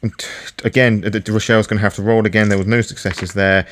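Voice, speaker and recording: A man's voice: fairly low pitch, level tone, fast talker, a little hiss or hum. A British man running and playing a tabletop role-playing game alone, thinking aloud over dice rolls with frequent restarts. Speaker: solo game master and player. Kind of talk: solo tabletop actual play narration.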